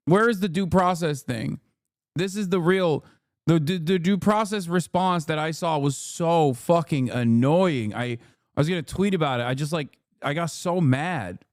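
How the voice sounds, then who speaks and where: A man's voice: fairly high pitch, expressive, moderate pace, dry recording, studio quality. A man streaming a reaction video, ranting in a heated, profane, emphatic way. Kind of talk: live-stream reaction rant.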